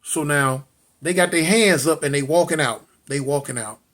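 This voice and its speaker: Male storyteller, slightly high voice; dramatic, repetitive, talks straight to listeners. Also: normal speed, a bit bright. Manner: addresses listeners directly. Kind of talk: spoken street storytelling.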